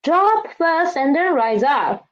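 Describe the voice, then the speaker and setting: A woman's voice: high-pitched, very animated, slow pace. A woman teaching a beginner Chinese lesson, whose first language is Vietnamese, patiently modeling and exaggerating each tone for learners to repeat. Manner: patient, exaggerates tones when modeling sounds. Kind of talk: slow, deliberate language lesson with repeat-after-me drills. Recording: slightly dull, lo-fi recording.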